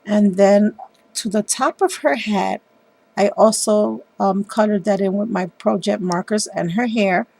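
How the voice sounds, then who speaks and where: A woman hosting a craft video, chatting warmly and enthusiastically about how she made a card, with frequent ums. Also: medium pitch, a little slow, gravelly, dry recording. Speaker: papercraft video host. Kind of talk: casual craft show-and-tell.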